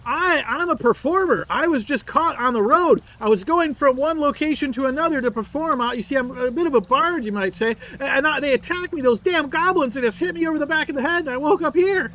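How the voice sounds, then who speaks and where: A boastful captive elf bard rattles on in a very high, piercing voice. He stammers and chatters with theatrical flair. The tone is bright and sharp throughout. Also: animated, fairly quick, hardly any pauses, slight background noise. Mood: flustered. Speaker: game master. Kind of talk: tabletop role-play voice acting.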